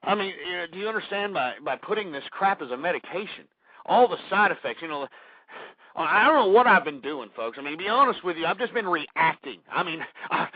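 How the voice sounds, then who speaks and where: A man's voice: high voice, expressive, a little fast, dry recording, dull audio. A man hosting a radio show, panicked and rambling, stammering through an apology with his heart racing.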